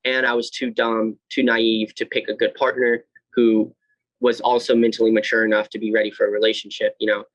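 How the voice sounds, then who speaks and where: A man's voice: fairly low pitch, flat delivery, brisk, dry recording, low-quality recording. A young man in his twenties, a podcast guest, telling his own story with candor, blunt and swearing freely, with many fillers and restarts. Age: 20s. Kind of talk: candid personal storytelling.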